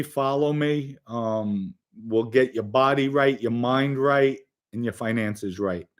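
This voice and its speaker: A man with a voice of ordinary pitch tells stories in a loose, casual way. He talks bluntly and swears often, pressing hard on his points as he turns to speak straight to young listeners. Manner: blunt, profane, emphatic; direct address to young listeners. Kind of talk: casual storytelling.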